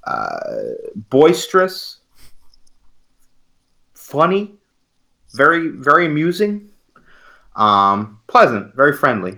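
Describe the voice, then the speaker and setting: A man co-hosting a podcast, casually retelling a weekend story in an animated way. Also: on the high side, slow, pauses often. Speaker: podcast co-host. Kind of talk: casual chat.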